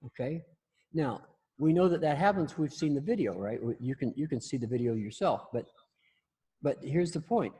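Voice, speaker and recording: A man's voice: mid-range voice, expressive, moderate pace, dark tone, breathy edge. A man teaching a class in a casual spoken style, often repeating and restarting his words, with blunt, salty humor. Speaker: instructor.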